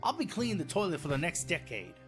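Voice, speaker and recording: A man's voice: sits high, big pitch swings, fast, fairly bright tone, faint music behind. A man voicing a grumpy, exasperated young male defense attorney in a fan-made game. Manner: grumbling, exasperated.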